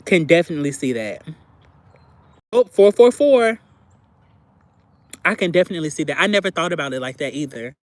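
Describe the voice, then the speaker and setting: Racing along with few pauses, a low-pitched, animated woman hosts a livestream, reacting to viewers in candid, confessional chat full of filler words. The recording has no echo.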